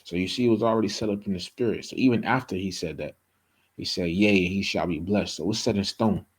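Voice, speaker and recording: A man's voice: sits low, fast, slightly rough, rough recording. A man teaching a bible study in a casual, conversational way, reading verses aloud and often checking in with "okay?" and "you know".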